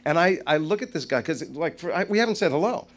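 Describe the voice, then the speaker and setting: A middle-aged actor telling stories as a guest, animated and self-deprecating, on a live stage. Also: male voice, on the high side, fast talker. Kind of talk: anecdotal storytelling. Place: live stage before an audience.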